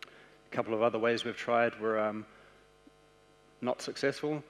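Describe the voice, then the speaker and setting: A man with a New Zealand accent giving a conference presentation, explaining ideas in a steady, practical way. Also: medium pitch, unhurried. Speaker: conference speaker. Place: large conference hall. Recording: echoey conference hall.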